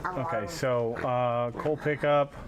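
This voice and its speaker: A man streaming a building game, talking through his moves aloud and greeting chat in a relaxed way. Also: medium pitch, slow pace, a crowd in the background. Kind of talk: live-stream game commentary.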